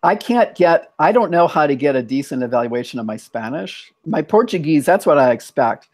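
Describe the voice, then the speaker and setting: A man's voice: on the high side, lively intonation, moderate pace, a little mellow, no echo. An American man hosting a casual online chat, thoughtful, often restarting his sentences. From United States. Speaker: host.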